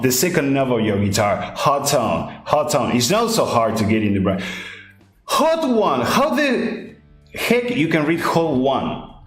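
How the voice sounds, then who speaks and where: A man hosting a podcast in casual chat, ranting emphatically and repeating his points, speaking English as his second language. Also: mid-range voice. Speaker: podcast host. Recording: echoey room with faint music.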